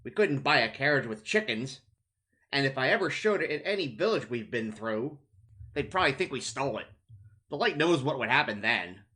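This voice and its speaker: A man's voice: medium pitch, animated, a little fast, sharp tone. A man voicing a wary, sardonic young village man who speaks dryly and grudgingly.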